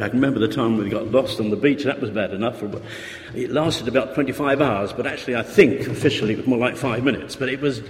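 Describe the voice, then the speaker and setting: A man preaching a sermon, conversational and full of rhetorical questions, sometimes acting out desperate pleas. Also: mid-range voice. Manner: conversational, rhetorical questions, acts out pleading voices. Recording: reverberant hall, faint noise.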